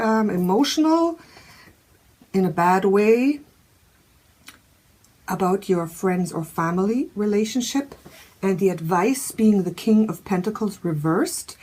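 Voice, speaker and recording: A woman's voice: mid-range voice, darkish tone, slightly rough. A woman giving a casual tarot reading, thinking aloud with fillers and restarts. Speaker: tarot reader.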